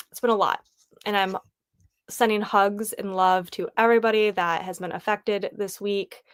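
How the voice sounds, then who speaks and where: A woman's voice: mid-range voice, dry recording, studio quality. A woman hosting a casual livestream, chatting and rambling as she thinks aloud. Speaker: livestream host.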